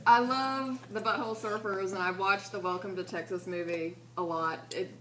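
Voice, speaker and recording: A woman's voice: medium pitch, steady tone, moderate pace, a bit bright, slight background noise, rough recording. A woman in the audience eagerly asking a long question as a fan.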